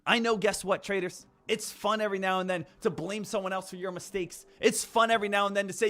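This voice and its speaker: A man's voice: sits high, fairly even intonation, fairly quick, sharp tone. A man streaming about stock trading, lecturing emphatically and repeating phrases for effect. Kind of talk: live-stream motivational talk.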